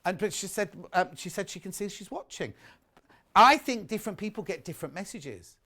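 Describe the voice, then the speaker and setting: On a live shopping broadcast, this middle-aged British presenter reads viewer messages and gossips chattily between products, drifting into rambling asides. He has a high voice with lively intonation, a brisk delivery and a sharp tone.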